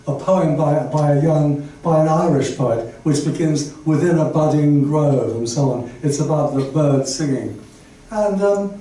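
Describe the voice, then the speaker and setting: Mellow and on the high side, this older man's voice carries a guest lecture to an audience. His public talk meanders, chatty and full of asides and fillers. The lecture room is very echoey, he's distant from the microphone, and faint noise lingers.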